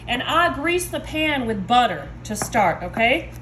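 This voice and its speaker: A woman, showing desserts in her home kitchen in a chatty, excitable way, talking to viewers. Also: a little high, a little slow, slight background noise. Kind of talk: casual cooking video. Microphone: phone.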